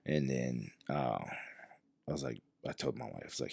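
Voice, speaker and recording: Man, very low pitch, gravelly, dry close sound, animated storyteller. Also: moderate pace, dry recording. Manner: animated, acts out quoted dialogue. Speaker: jiu-jitsu professor, guest. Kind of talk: casual storytelling.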